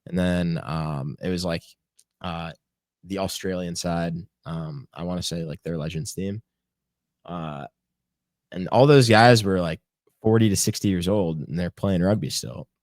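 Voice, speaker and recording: A young man with a deep, low voice co-hosts a casual sports podcast. He rambles through his points with fillers and the odd curse word. The sound is dry and close. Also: measured pace, darkish tone, no room sound. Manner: rambling, filler-heavy, profane banter. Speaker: podcast co-host.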